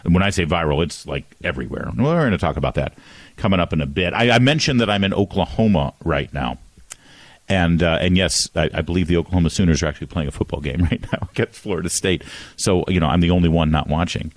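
A middle-aged man with a very low voice, talking into a dry, close broadcast mic. He fills in as a radio host and rambles in a loose, self-deprecating way, often stumbling and restarting his sentences. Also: expressive, fast talker, dry recording. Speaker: fill-in radio talk show host. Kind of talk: casual talk radio monologue. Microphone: studio broadcast microphone.

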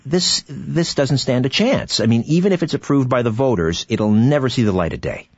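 A man's voice: mid-range voice, animated, moderate pace, darkish tone, breathy edge, no echo, lo-fi sound. A man hosting a radio interview, asking pointed questions with incredulous interjections. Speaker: radio host.

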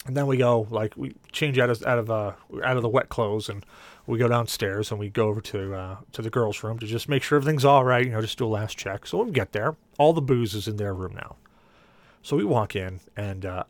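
A man's voice: medium pitch, no echo. Man, podcast co-host, casual storytelling, acts out quotes, dry sound. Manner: animated, acts out quoted voices.

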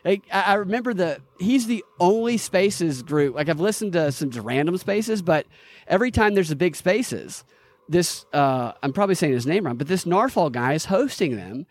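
A man hosting a podcast in casual chat, rambling and swearing, with many halting restarts. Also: high-pitched, lively intonation. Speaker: podcast host.

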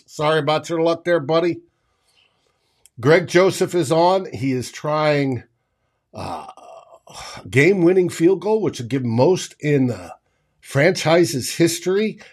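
A man calling a football game live for his fan stream, unhurried and drawn out. His voice sits a little high for a man, and he breaks off the play calls to chat with viewers by name. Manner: slow, drawn-out calling that bursts into shouting on big plays; chatty, reads out and answers viewers by name.

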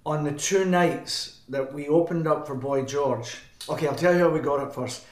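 A man's voice: a little high, moderate pace, darkish tone. A man with a Scottish accent, a band frontman as a guest, telling long rambling anecdotes and correcting himself as he goes. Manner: rambling, self-correcting, chuckling. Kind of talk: anecdotal storytelling. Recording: roomy echo.

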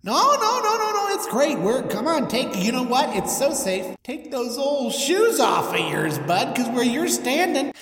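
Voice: high-pitched, big pitch swings, unhurried, hardly any pauses, fairly bright tone, roomy sound, long reverb tail, far from the mic, pitched above the performer's own voice, heavily acted. A podcaster voicing God as a chummy, pushy male figure with salesman patter. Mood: coaxing. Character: cocky mellow-voiced cheerful male God.

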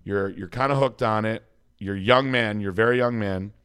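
A man's voice: fairly low pitch, a little fast, a bit bright, clean tone. A man interviewer asking his guest probing questions, rephrasing them as he goes.

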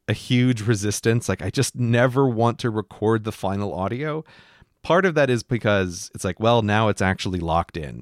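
Low-voiced man in casual reflective chat. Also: no room sound, clean studio sound. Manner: reflective, chatty, lots of "like" fillers. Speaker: podcast co-host.

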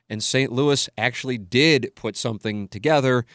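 Middle-aged male podcast host, medium pitch, dry close sound, blunt and emphatic with frequent swearing. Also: a little fast, few pauses, fairly bright tone, dry recording. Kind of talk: casual opinionated podcast talk.

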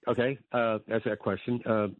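A man's voice: mid-range voice, flat delivery, normal speed, dry recording. Male caller on a tinny phone line. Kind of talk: phone-in chat.

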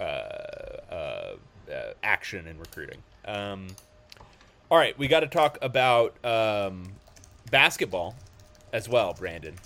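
A man's voice: sits low, a bit bright. A man hosting a casual sports podcast, talking loosely with lots of ums and restarts. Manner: hesitant, many ums and restarts.

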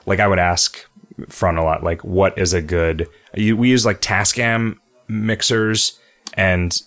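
Low-voiced man hosting a podcast. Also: steady tone, slow pace, fairly bright tone. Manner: rambling, reads listener questions aloud. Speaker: podcast host. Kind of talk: casual podcast chat.

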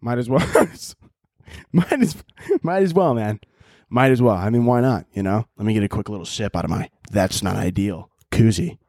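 A man's voice: fairly low pitch, normal speed, darkish tone, no echo, studio quality. A man in his twenties with a Chicago accent, ranting profanely and laughing as a solo podcast host. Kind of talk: casual solo podcast rant.

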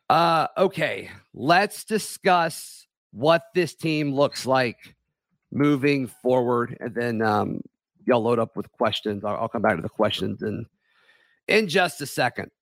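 A man hosting a casual sports talk stream, hoarse from yelling, rambling with many fillers and restarts. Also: mid-range voice, expressive, slow pace, dry recording, clean studio sound.

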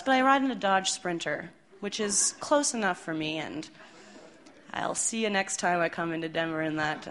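Chatty low-voiced woman telling a story. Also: fairly bright tone. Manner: chatty, laughing, full of fillers. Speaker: storyteller at a live show. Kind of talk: live storytelling. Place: live venue stage.

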